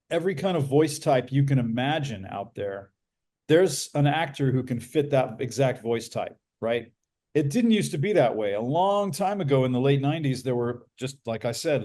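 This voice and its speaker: Middle-aged guy, bass baritone, voice actor chatting on a podcast, calm and explains everything. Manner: measured, explains at length with examples. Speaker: voice actor guest. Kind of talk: casual interview talk.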